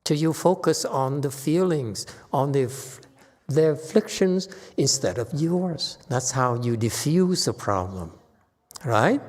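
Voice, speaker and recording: A man's voice: on the high side, animated, slow pace, a little mellow. A man, a Buddhist master, giving a Dharma talk in an emphatic, sometimes playfully teasing way. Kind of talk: sermon. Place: temple hall. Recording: long hall reverb.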